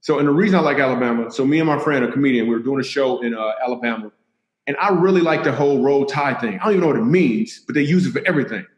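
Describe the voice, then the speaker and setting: A man's voice: medium pitch, very fast. A man telling comic stories in a casual chat as a guest, animating them with put-on voices. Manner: animated, acts out other voices. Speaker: comedian guest. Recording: echoey room.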